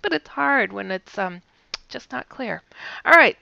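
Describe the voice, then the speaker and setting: A woman's voice: fairly high pitch, expressive, a little slow, gravelly, pushed and bright, no echo, lo-fi sound. A woman hosting a news show, reading sighting reports aloud and adding wry, chatty asides.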